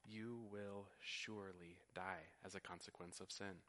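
A man's voice: deep voice, steady tone, measured pace, sharp tone. A man preaching a sermon, teaching earnestly and often repeating words as he goes. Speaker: pastor.

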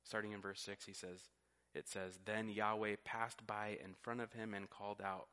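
A man's voice: on the low side, flat delivery, moderate pace, bright, forceful tone, clean tone. A man preaching a sermon, teaching earnestly and often repeating words as he goes. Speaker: pastor.

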